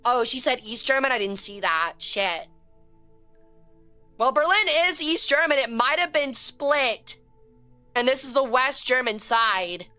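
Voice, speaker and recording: A woman streaming a game with a high, bright voice, talking casually to her viewers. She is excitable and swears freely when a guess goes wrong. Faint music plays under her talk. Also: measured pace.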